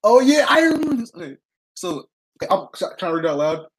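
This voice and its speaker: A young man hosting a casual podcast, telling a story in an excitable, rambling way with frequent laughs. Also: high voice, quick pace, a little hiss or hum, low-quality recording. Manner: excitable, laughs often, rambling with many restarts. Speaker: podcast host.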